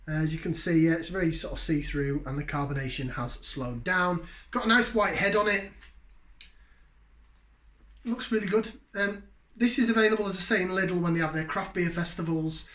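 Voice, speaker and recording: Reviewing beer on his own channel, a man in his 40s talks loosely and self-deprecatingly, wandering off topic. He has a high, fairly bright voice, and the room he records in echoes.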